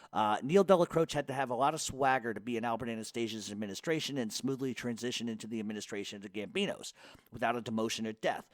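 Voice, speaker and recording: A man's voice: mid-range voice, no room sound. A middle-aged man hosting a podcast, telling stories and answering listener questions in casual, profane talk, laughing often. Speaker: podcast host. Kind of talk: casual storytelling and Q&A.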